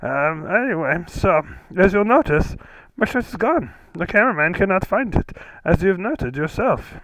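A man's voice: high voice, sing-song, moderate pace, fairly bright tone, slight background noise, rough recording. A man in an improvised comedy sketch playing an earnest, rambling guest whose clothes keep disappearing.

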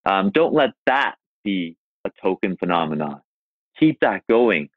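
A man's voice: low-pitched, very animated, a little slow, dry recording. Earnest man on a tinny phone-like line. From China. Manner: earnest, emphatic, rhetorical questions. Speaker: guest actor. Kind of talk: podcast interview.

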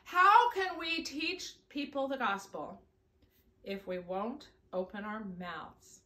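Teaching young children songs and scripture, the singing time leader addresses them in an upbeat, coaxing manner. Her bright, forceful voice is on the high side and slow-paced, and the space is reverberant.

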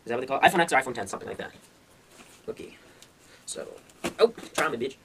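A young man hosting a casual unboxing vlog, excited and slangy, calling his viewers bro. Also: medium pitch, fast, noisy background. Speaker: gaming youtuber.

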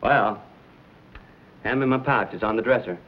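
An actor playing a confident young frontier hero in a 1950s TV western, plain-spoken and dry-humored. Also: male voice, lowish voice, normal speed, a little hiss or hum, natural voice. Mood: wry. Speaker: narrator. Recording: dull lo-fi 1950s TV soundtrack.

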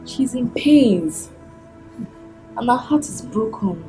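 A woman's voice: fairly high pitch, animated, slow, dark tone, soft background music, poor audio. An actress playing a worried woman with a Nigerian accent, pleading for help for her sister.

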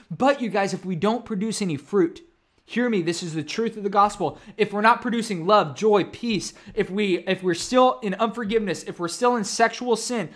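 A man preaching a sermon in a fairly high voice. He teaches earnestly, circling back to his points and speaking straight to his listeners as "you guys". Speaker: pastor.

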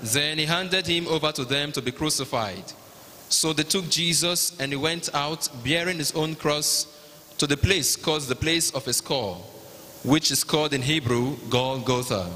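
Bright-voiced Nigerian man reading scripture. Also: on the high side, moderate pace, slight background noise. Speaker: narrator of the Passion reading. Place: large cathedral. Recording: long cathedral reverb.

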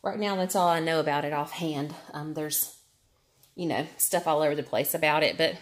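A woman's voice: sits low, moderate pace. A woman chatting candidly to camera on an exercise bike, a little out of breath, with lots of fillers. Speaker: vlogger. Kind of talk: casual talk to camera while cycling.

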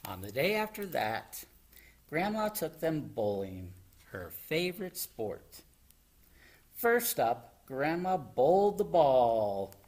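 A man, a children's librarian, reading a picture book aloud from home in an animated, expressive storytelling voice. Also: a little high, takes it slowly. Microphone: home recording.

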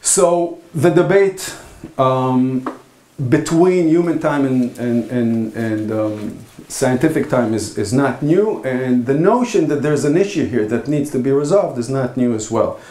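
Man, philosophy lecturer, academic conference talk, halting and thoughtful, roomy lecture hall sound. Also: mid-range voice, animated, dark tone. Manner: halting, thoughtful delivery with frequent pauses.

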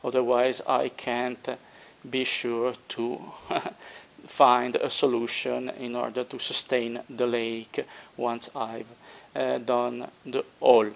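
A man's voice: mid-range voice, little pitch movement, takes it slowly, vocal fry. A man who is not a native English speaker explains his hobby build step by step in a casual how-to style, hesitating often and correcting himself. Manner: hesitant, many filler sounds, self-correcting. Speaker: hobbyist tutorial maker. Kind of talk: casual how-to narration while working.

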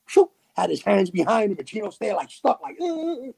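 A man from New City, telling a story as a podcast guest in animated street slang with sound effects. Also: high-pitched, fairly quick, vocal fry, breathy edge. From New York City. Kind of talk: casual storytelling.

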